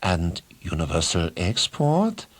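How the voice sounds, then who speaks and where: A man reading an audiobook, voicing a smooth, scheming middle-aged count who tempts with bribes. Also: sits low, huge pitch swings, takes it slowly, slight background noise, full character voice. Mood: silky. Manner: smooth, persuasive, wheedling. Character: silky sinister middle-aged male count.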